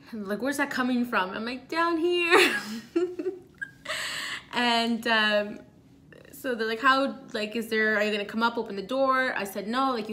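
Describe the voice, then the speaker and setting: A young woman tells a story straight to camera with a bright, forceful tone. Her voice sits a little high, and she rushes through the tense parts, piling on fillers. It is a casual, animated storytime delivery. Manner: animated, breathless retelling with many fillers. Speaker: vlogger.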